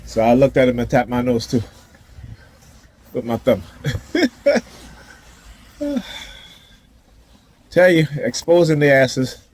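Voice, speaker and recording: Outdoors and facing the camera, a man delivers a defiant, confrontational rant for his casual vlog, breaking into the occasional laugh. His medium-pitched voice is a little mellow, and he speaks slowly and animatedly, pausing often.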